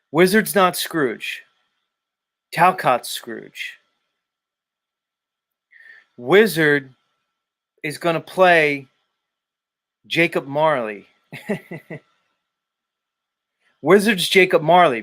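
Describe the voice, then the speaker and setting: A man's voice: fairly high pitch, a bit bright. Rambling livestream host, casual man. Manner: rambling, profane, thinks aloud with many fillers. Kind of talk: casual livestream chat reading comments.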